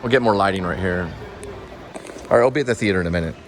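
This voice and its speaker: A man's voice: low voice, very fast, noisy background. A man vlogging casually as he walks through a shopping mall, rambling and thinking aloud. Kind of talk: casual walking vlog.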